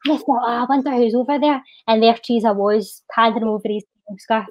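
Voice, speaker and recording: A woman with a Scottish accent, a charity guest on a podcast, reciting her own spoken-word poem in a slow, measured way and chatting between lines with soft "eh" fillers. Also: fairly high pitch, level tone, dry recording, dull audio.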